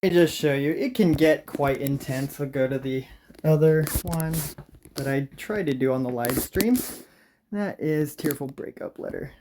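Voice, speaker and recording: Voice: mid-range voice, normal speed, background noise. A tutorial host talking casually and wryly, reading out typed commands. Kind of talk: casual screen-recorded tutorial.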